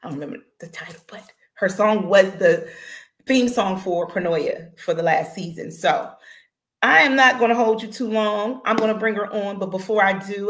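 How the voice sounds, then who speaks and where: A woman hosting a live podcast stream in excitable, chatty, slangy talk, laughing easily. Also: mid-range voice. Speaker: podcast host. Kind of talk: casual livestream chat.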